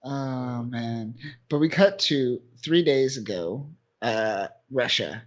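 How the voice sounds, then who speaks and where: A man's voice: mid-range voice, slow. A man co-hosting a podcast, casually recapping a comic book with lots of fillers and quoted asides. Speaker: podcast co-host.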